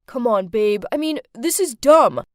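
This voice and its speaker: A woman voicing a pushy, clingy teenage bad-boy boyfriend in an animated story. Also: fairly high pitch, measured pace, no echo, clean studio sound.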